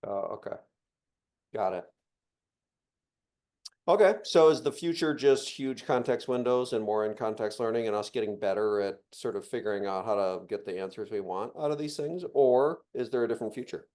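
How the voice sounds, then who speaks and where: A man's voice: fairly low pitch, moderate pace, a little mellow. Curious man asking follow-up questions. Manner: curious, thinks aloud, asks follow-ups. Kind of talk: casual interview chat.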